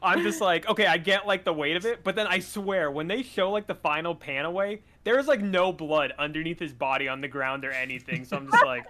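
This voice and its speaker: A man with a bright, forward voice and a slightly high pitch, rambling through a casual podcast chat. He gets animated and laughs often as he talks. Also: brisk. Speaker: podcast co-host. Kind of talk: casual chat, film review.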